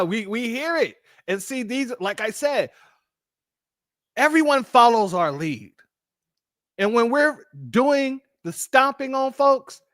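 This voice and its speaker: Hosting a casual live stream, a high-voiced man with a Californian accent tells animated stories and laughs often. The recording is dry and close-miked.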